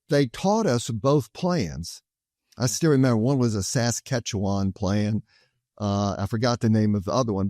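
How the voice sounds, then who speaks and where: Older man, mellow reassuring storyteller. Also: medium pitch, dry recording, clean studio sound. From Louisiana, USA. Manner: reassuring, story-driven, folksy. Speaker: guest attorney. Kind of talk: anecdotal interview answers.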